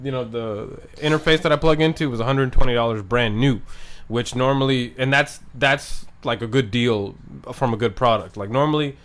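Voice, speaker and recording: A man hosting a podcast in a relaxed, slangy way, encouraging his guest and explaining things. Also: mid-range voice, normal speed. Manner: laid-back, encouraging, slangy. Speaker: podcast host. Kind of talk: casual chat.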